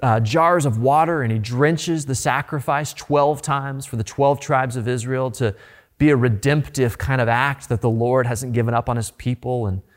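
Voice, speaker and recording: A man preaching a sermon in an animated, informal way, asking the listeners rhetorical questions. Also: mid-range voice, moderate pace. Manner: conversational, informal. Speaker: pastor.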